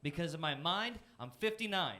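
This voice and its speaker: A man in his twenties from Florida doing a self-deprecating stand-up set on a comedy club stage, punchy, with quick jumps into silly voices. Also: a little high, animated, sharp tone. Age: 20s. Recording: noisy live comedy club with crowd laughter. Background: audience laughter.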